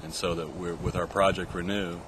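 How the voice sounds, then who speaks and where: A man, the camp's director, explaining its mission and funding in a steady, formal way. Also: deep voice, brisk, noisy background.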